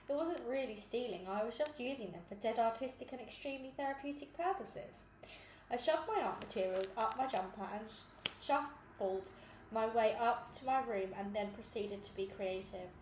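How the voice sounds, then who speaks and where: A woman's voice: on the high side, a little mellow. A woman reading a children's storybook aloud, bringing the dialogue to life with character voices. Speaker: audiobook reader. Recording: echoey room with faint noise.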